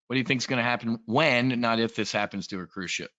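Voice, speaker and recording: A man's voice: mid-range voice, quick pace, bright, forceful tone, dull audio. A man giving a casual, blunt and profane trade briefing, talking in a rambling way as a trading educator.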